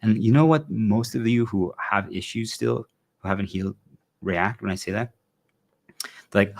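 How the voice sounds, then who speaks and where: A man's voice: lowish voice, moderate pace, creaky. A man talking casually and earnestly to his viewers, rambling and often asking whether they understand. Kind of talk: casual monologue to an audience.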